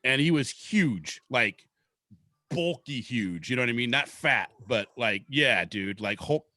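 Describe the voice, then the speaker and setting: A man's voice: medium pitch, lively intonation, measured pace, sharp tone, no echo, studio quality. A man from Seattle telling a long rambling story in casual podcast chat, swearing freely. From Seattle, Washington. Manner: rambling, profane, laid-back storyteller. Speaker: podcast host.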